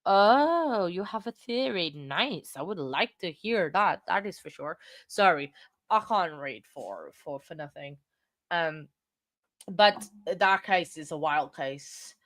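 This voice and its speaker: A woman with a somewhat low voice hosts a livestream in a loose, chatty way. She rambles and laughs at herself as she reads viewer comments aloud and answers them. The sound is dry, with no room echo. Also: lively intonation, slow pace, fairly bright tone. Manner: chatty and self-deprecating. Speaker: livestream host. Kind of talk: casual livestream chat.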